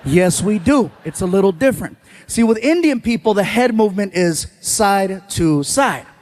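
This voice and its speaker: A male stand-up comedian telling stories in an animated way and talking to the audience. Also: high-pitched, moderate pace. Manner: animated storytelling, talks to the crowd.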